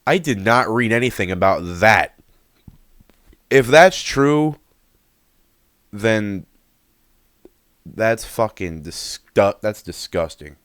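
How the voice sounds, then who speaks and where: A man's voice: fairly low pitch, expressive, slow pace, pauses often, fairly bright tone, dry recording. A man hosting a reaction video, exclaiming and swearing freely as he muses aloud in casual commentary.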